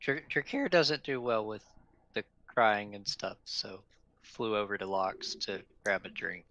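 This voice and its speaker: A man's voice: on the low side, unhurried, bright, forceful tone, slight background noise. A man playing a tabletop game, talking in a laid-back casual way. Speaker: player.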